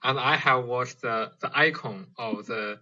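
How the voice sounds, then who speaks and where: A caller from China asks questions slowly, filling gaps with uh. The mid-range voice sounds bright, but the call audio is dull and muffled. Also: mid-range voice. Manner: hesitant, many fillers.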